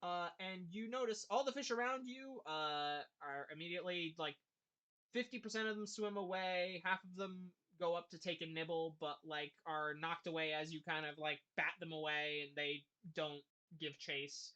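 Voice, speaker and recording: A game master narrating a tabletop game scene in a rambling way, full of pauses and restarts. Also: mid-range voice, bright, forceful tone, smooth, highs cut off. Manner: rambling, many fillers and restarts.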